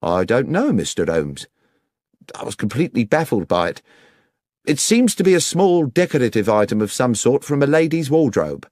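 A man putting on an eager, higher-voiced police inspector. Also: very animated, moderate pace, a little mellow, dry recording, studio quality. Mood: earnest. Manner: earnest, deferential, higher-pitched.

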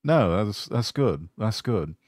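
A man's voice: fairly low pitch, animated, takes it slowly, darkish tone, dry recording, studio quality. A British man from England hosting a podcast interview, chatting in a casual, encouraging way and often restarting his words. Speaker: podcast host.

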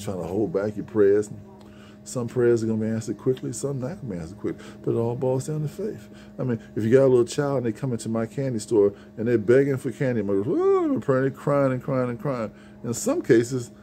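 Fast-talking man with a dark voice. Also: on the low side. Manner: rambling, conversational, many restarts and repeated words. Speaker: preacher. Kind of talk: informal spoken sermon.

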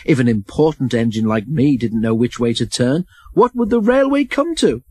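A man's voice: mid-range voice, moderate pace, mellow, husky, no echo, clean studio sound, close to an everyday voice. A man playing a conceited, scornful steam engine. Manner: scornful, grumbling.

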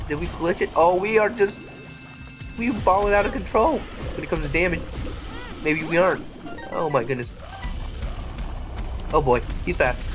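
A woman hosting a gaming channel, giving rambling, self-mocking let's play commentary that breaks into yells and laughter during tense fights. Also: low-pitched.

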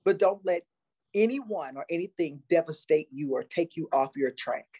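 A woman's voice: deep voice, expressive, normal speed, dark tone, slightly rough. A woman guest speaking in an encouraging, motivational way during a casual interview.

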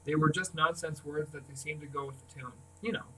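A man's voice: fairly high pitch, fairly even intonation, brisk, fairly bright tone, a little hiss or hum, lightly acted. Man reading as a clever boy feigning innocence, earnest, storybook voice, far from mic. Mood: innocent. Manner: earnest, plays the fool. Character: quick-witted English schoolboy playing innocent.

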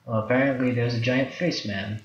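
A young man playing a game and chatting, excitable and quick to laugh. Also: medium pitch, noisy background. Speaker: gamer. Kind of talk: casual gameplay chat. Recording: echoey room, far mic, dull.

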